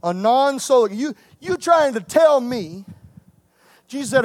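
A man preaches to his congregation, his voice sitting strikingly high. He swings between playful asides and full-throated shouts of praise, teasing the crowd one moment and calling out scripture the next. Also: lively intonation, slow pace, no room sound, studio quality. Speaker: pastor. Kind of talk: sermon.

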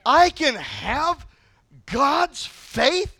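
A male pastor preaching a sermon in an animated, humorous storytelling manner. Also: extremely high pitch, drawn-out words, gravelly, no echo, studio quality.

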